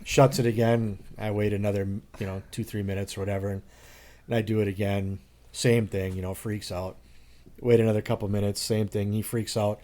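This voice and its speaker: A man's voice: lowish voice, brisk. Man telling a workplace prank story. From Wisconsin. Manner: animated, acts out coworkers' lines with laughs. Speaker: podcast co-host. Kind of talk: casual storytelling among friends.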